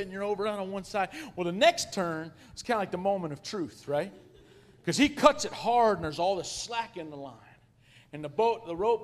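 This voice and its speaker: A man in his forties, a guest speaker, telling a humorous story to a congregation in an animated, self-deprecating way, often addressing the audience directly. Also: high-pitched.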